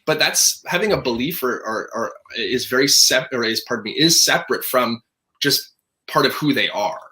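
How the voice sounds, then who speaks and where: Guest: young man, bright forceful tone, earnest, punchy delivery, mid pitch. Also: expressive. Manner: earnest, emphatic, talks in quick bursts with restarts. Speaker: interview guest. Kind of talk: casual conversation.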